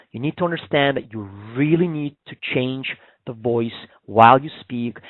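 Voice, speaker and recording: A man with a mid-range voice presents a public speaking webinar, talking conversationally with lots of fillers and restarts. The audio comes through a webinar call microphone and sounds dry and phone-like, with no room sound.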